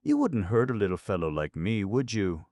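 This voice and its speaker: A man's voice: fairly low pitch, huge pitch swings, normal speed, darkish tone, no room sound, studio quality, voice pushed up. A man voicing a small, anxious male dog in a storybook, speaking in a pleading, wheedling way.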